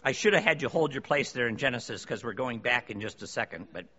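A man's voice: mid-range voice, expressive, quick pace, pushed and bright, husky. A man preaching a sermon to a congregation, emphatic and full of rhetorical questions. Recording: long hall reverb, dull lo-fi sound.

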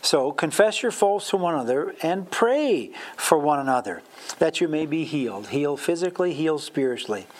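A man's voice: on the high side, lively intonation, normal speed. A man giving a conversational Bible teaching, chatty and self-deprecating, with plenty of fillers.

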